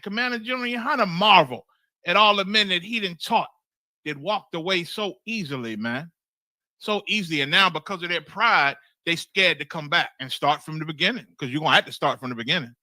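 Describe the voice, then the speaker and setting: A man leads a streamed scripture class in a high, intensely bright voice. His delivery is blunt and emphatic, laced with profanity, and he circles back over phrases to drive them home. The sound is close and completely dry. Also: lively intonation, a little fast, no echo. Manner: emphatic, blunt, swears freely, keeps asking "you understand?"; repeats and restarts phrases for emphasis. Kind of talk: streamed scripture teaching, sermon-like.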